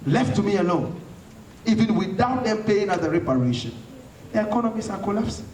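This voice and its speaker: A high-pitched Ghanaian man answers audience questions in a hall with a fiery, rhetorical, preaching style. He's animated and a little fast, with a darkish tone, and the echoey recording from far off has a bit of hiss or hum.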